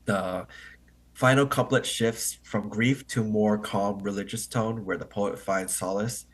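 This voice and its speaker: Man teaching poetry, low voice, halting explanations, keeps asking "right?". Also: steady tone. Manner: halting, thinks aloud, often checks with "right?". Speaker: host of an online English conversation meeting. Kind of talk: explaining poetry to language learners.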